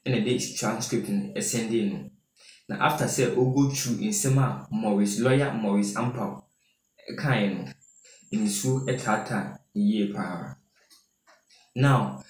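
A man's voice: lowish voice, recorded from a distance, a little hiss or hum. A man with a Ghanaian accent presenting news commentary, reading out quoted statements and then explaining them. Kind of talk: news commentary mixing Twi and English. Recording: roomy echo from off-mic, faint ambience.

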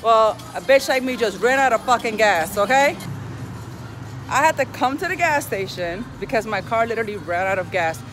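A woman's voice: on the high side, animated, normal speed, a bit bright, soft background music. A woman vlogging outdoors at night near a gas station, cursing, scolding herself and bluntly lecturing her viewers. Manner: profane, self-scolding venting. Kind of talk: casual vlog monologue. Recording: outdoor traffic noise.

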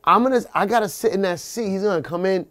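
A man's voice: sits high, quick pace, bright, forceful tone. A man back as co-host on a radio show, insistently protesting and arguing in comedic banter in a studio. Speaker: returning former co-host.

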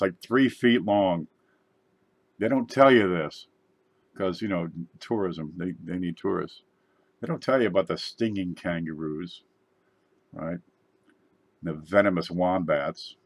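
A man's voice: sits low, measured pace. A man hosting his channel, chatting casually and joking while opening mail. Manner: joking, rambling, tall tales. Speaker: YouTube channel host. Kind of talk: casual unboxing chat.

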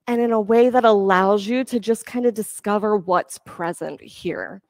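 A woman yoga instructor giving calm, encouraging cues for breath and poses during a class. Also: mid-range voice, normal speed, no echo.

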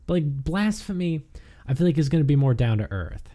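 A woman's voice: low-pitched, sing-song, brisk, warm tone. A woman playing a tabletop game, chatty with many fillers. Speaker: player. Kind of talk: casual chat in a tabletop game.

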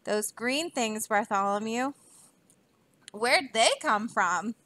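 A woman's voice: a little high, takes it slowly, pushed and bright. A woman voicing a flustered, indignant man, a royal trumpeter, while reading a storybook aloud. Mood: sleepy. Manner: indignant, wailing.

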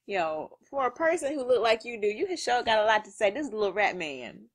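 A woman reading a manga aloud and reacting to it in a lively, slangy way, laughing often. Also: fairly high pitch, brisk.

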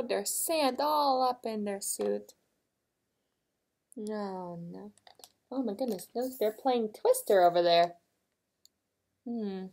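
A woman librarian reading a picture book aloud to young children, gently asking them questions. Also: medium pitch, takes it slowly, pauses often.

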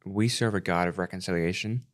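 Man, forties, very low voice, halting, holding back tears, podcast co-host. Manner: halting, holds back tears, repeats words. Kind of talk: emotional podcast conversation.

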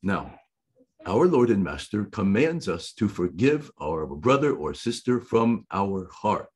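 A man preaching a sermon, reading scripture verse by verse and explaining it with deliberate emphasis and repetition. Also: lowish voice, sing-song, darkish tone, breathy edge.

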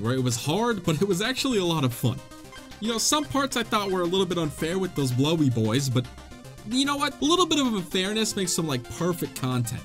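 An excitable young man giving let's play commentary. He is dramatic and jokey, with yelps and groans, in a fairly high voice that jumps all over. Quiet music plays underneath. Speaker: gaming channel host.

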